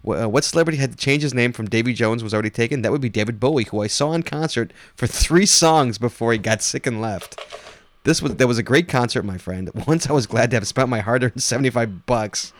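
A man's voice: medium pitch, fast, dry recording. A man co-hosting a casual podcast, joking with his partner and reading listener contest entries aloud. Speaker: podcast co-host.

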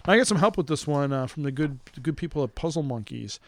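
A man co-hosting a casual chat, his voice a touch high and recorded close and dry with no room sound. He jokes easily and slows right down when he spells out codes. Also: animated, dry recording. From Chicago area. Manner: joking, reads cache codes slowly. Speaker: podcast co-host.

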